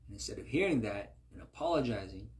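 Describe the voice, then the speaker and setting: A man's voice: on the low side, animated, quick pace. A man reading scripture aloud and explaining it in a conversational way, often checking in with his listeners. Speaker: Bible teacher.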